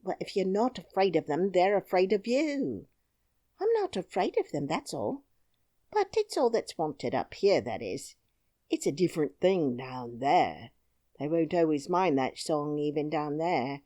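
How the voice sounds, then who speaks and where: A woman's voice: sits low, very animated, unhurried, mellow, no room sound, clean studio sound. A woman voicing a brave, cheerful twelve-year-old miner boy who talks boldly and plainly. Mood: frank. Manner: bold, singing taunts, plain-spoken.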